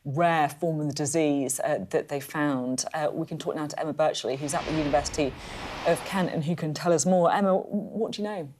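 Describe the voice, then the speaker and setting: A woman's voice: low voice, fairly quick, a little mellow. A woman presenting breakfast television news in a studio, conversational with frequent fillers.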